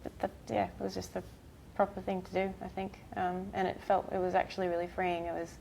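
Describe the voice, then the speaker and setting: Aussie woman guest in a chat, lowish voice with a gravelly edge, bit of background noise. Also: flat delivery, poor audio. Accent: Australian. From Australia. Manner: soft-spoken, halting, with frequent fillers. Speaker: actress guest. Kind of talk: casual interview chat.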